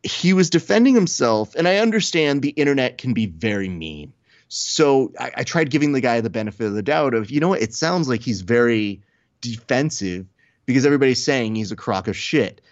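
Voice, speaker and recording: A man's voice: medium pitch, a little fast, no echo, highs cut off. Swearing storyteller man, dry sound. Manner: animated storytelling, quoting others in put-on voices, swears freely. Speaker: podcast co-host. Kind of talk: casual chat.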